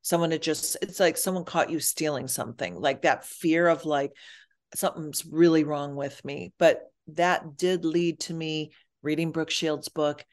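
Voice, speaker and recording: A woman's voice: low-pitched, fairly even intonation, a little slow. A woman guest on an interview podcast who speaks earnestly and reassuringly about motherhood and mental health. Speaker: guest, perinatal mood expert.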